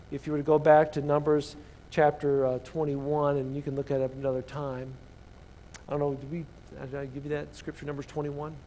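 Animated preacher man, slightly high voice. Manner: animated, asks the congregation questions, reads scripture aloud. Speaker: pastor. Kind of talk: sermon.

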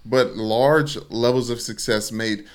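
A man's voice: mid-range voice, fairly even intonation, slow, clear, resonant tone. Jokey rambling man co-hosting sports talk. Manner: jokey, rambling, stuttering restarts. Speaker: podcast co-host, former football recruit. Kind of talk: casual podcast chat.

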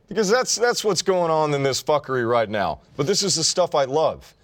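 A man's voice: a little high, sing-song, moderate pace, few pauses, fairly bright tone. A man co-hosting a casual sports talk show, sarcastic and teasing, swearing freely.

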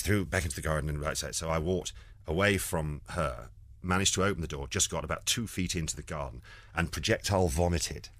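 A comedian, here a guest in an interview, tells rambling anecdotes and acts out the quoted lines. His voice is extremely low but fairly bright in tone, and the recording is dry.

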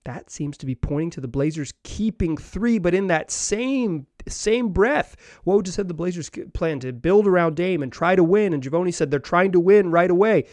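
Male podcast host, slightly high voice, rambling casual sports talk, dry close mic. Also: animated, moderate pace, few pauses, darkish tone, dry recording. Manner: rambling, many restarts and fillers.

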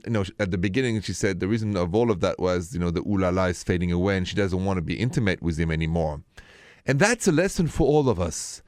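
Man, French accent, radio advice host, calm soft delivery, low voice, dry close sound. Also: dry recording. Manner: calm, slow, soft-spoken.

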